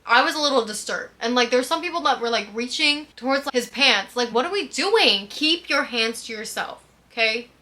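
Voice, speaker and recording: A young woman vlogging in a casual, gushing storytime chat, giggly and animated. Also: on the high side, a little fast, hardly any pauses.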